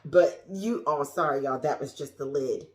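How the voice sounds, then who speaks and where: A woman's voice: low-pitched, moderate pace, noisy background. Gushing chatty woman, echoey room. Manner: gushing, chatty, talks straight to viewers; drops to a whisper at times. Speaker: plant vlogger. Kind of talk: casual show-and-tell to viewers. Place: indoors among houseplants.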